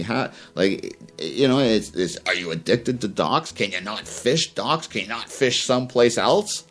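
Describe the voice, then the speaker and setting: A man hosting a fishing podcast, rambling and heated, with many fillers and restarts. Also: medium pitch. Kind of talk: casual opinion rant.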